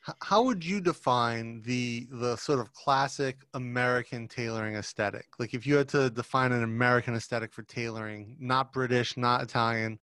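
A man's voice: medium pitch, moderate pace, hardly any pauses, a bit bright, clean tone, dry recording. A man hosting a podcast, asking hesitant, roundabout interview questions. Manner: hesitant, circles his questions. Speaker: podcast host.

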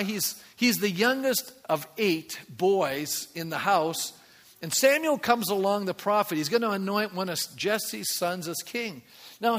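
A male pastor preaches in a high, bright voice, telling a story and acting out its characters. He builds to loud, emphatic peaks. The sound carries a long reverb, as in a church hall. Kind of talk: sermon.

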